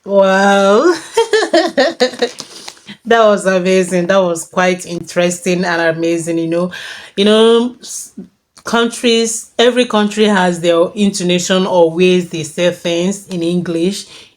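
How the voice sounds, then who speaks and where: A woman from Africa hosts a reaction video, speaking in a lowish voice. She gushes and repeats her praise as she comments. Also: steady tone, measured pace. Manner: enthusiastic, repetitive and gushing. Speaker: reaction channel host.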